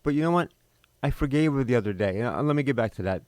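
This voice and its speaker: A middle-aged man speaks in a plain, mid-pitched voice, recorded close and dry with no room sound. He tells his own story bluntly and with open bitterness. He pauses suddenly for emphasis. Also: lively intonation, a little mellow, dry recording. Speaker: podcast host. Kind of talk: personal storytelling monologue.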